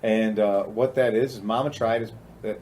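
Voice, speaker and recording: A man from Ohio co-hosts a casual motorcycle talk show, bantering and rambling with friends and laughing often. His lowish, slightly mellow voice has fairly even intonation and a moderate pace, with a little hiss or hum in the recording.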